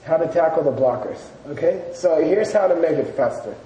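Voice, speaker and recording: Mellow-voiced man teaching in an echoey room. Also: on the high side, animated, a little fast. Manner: storytelling, loose and chatty with fillers. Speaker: Buddhist teacher. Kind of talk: casual lecture to a live audience. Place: room with a live audience. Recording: echoey room, distant mic, faint noise.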